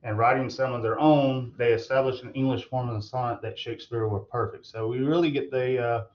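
Male tutor, mid-pitched, loose and halting delivery with fillers, dull lo-fi recording. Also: fairly even intonation. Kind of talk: recorded online lecture.

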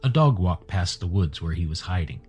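A man narrating an audiobook in a steady storytelling manner. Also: low voice, moderate pace, breathy edge, muffled recording, soft background music.

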